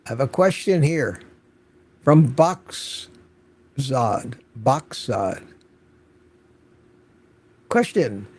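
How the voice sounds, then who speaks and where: A man's voice: medium pitch, very animated, extremely slow, long pauses, darkish tone. An older man hosting an unscripted livestream, chatting casually and greeting viewers by name from the chat. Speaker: livestream host.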